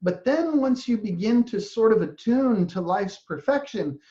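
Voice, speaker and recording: A man giving a reflective spiritual talk as a teacher, gentle and earnest, sometimes acting out inner voices. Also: sits high, animated, measured pace. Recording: roomy, dull lo-fi recording.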